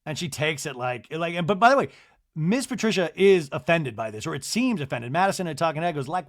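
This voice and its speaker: Gossipy, animated male podcast host. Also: on the high side. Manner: gossipy, animated storytelling with quick asides. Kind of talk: solo reality TV recap.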